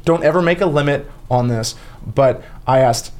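A man's voice: mid-range voice, moderate pace, a little mellow, a little hiss or hum. A man co-hosting a podcast in casual chat, rambling with fillers and restarts and acting out quoted lines. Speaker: podcast co-host.

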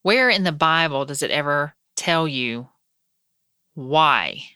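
A woman co-hosting a Bible study podcast, answering and questioning in quick interjections. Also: sits low, animated, bright, forceful tone, clean tone, no room sound, studio quality. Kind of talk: casual discussion.

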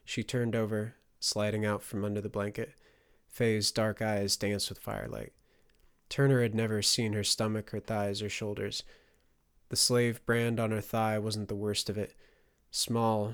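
Man, audiobook narrator, fairly low voice, steady, even storytelling. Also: unhurried, smooth. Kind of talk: scripted narration.

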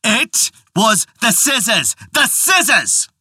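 A storyteller voicing a stubborn, defiant wife who repeats herself slowly in a raised voice. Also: huge pitch swings, bright, forceful tone, husky, no echo, clean studio sound, full character voice. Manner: slow, high, insistent repetition. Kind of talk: storytelling voice acting.

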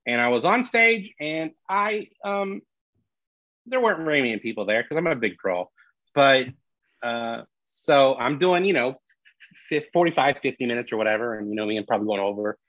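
A man, a comedian, telling a story in casual podcast chat, animated and full of restarts. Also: mid-range voice, moderate pace, no room sound. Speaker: comedian guest. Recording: dull lo-fi dry sound.

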